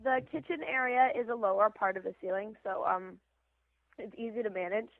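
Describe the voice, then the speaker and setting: A woman's voice: mid-range voice, a little fast, over a noisy crowd. A young woman, an actress, chatting in a casual podcast interview, rambling with lots of fillers. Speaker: actress guest. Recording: tinny phone line.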